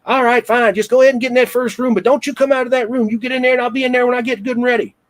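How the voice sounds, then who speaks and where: A man's voice: steady tone, rapid-fire. A man voicing a rude, nasty elderly woman nurse who snaps curtly at visitors. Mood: snapping. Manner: shrill, curt and nasty.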